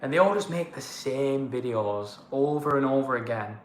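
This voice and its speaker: A man's voice: medium pitch, lively intonation, normal speed, a little hiss or hum. Man, northern English accent, blunt, ranting, casual livestream, roomy echo. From northern England. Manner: blunt, ranting, fond of moaning. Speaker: co-host of a travel channel.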